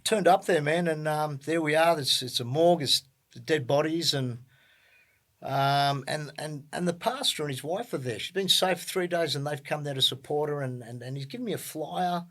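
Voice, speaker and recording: A man's voice: fairly high pitch, normal speed, a bit bright. A middle-aged Australian man, talking casually as a podcast guest. He tells his story in a rambling way, circling back with ums and repeated words. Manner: rambling, lots of fillers and repeats.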